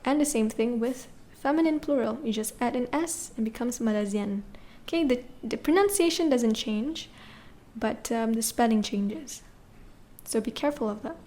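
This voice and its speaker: Patient woman teaching French, slightly high voice. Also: normal speed, mellow. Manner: patient, spells words letter by letter, checks with "okay?" and "right?". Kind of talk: classroom lesson explaining grammar.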